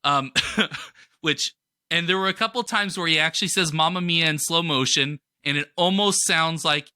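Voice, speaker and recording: Bright, excited podcast cohost man. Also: a little high, normal speed, smooth, no echo, studio quality. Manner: enthusiastic, rambling with fillers. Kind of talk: casual pop-culture chat.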